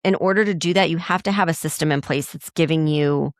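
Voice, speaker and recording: A middle-aged woman hosting a podcast, telling a story casually and acting out quotes in a raised, animated voice. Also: low-pitched, fast, no room sound, studio quality. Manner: animated, acts out quotes in a raised voice, many likes. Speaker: podcast host.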